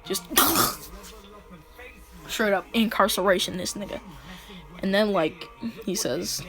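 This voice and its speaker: Woman, casual storytelling, slangy and joking, laughs a lot, mid-pitched, faint background music. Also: takes it slowly, pauses often, a bit bright. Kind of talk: casual fan-fiction storytelling.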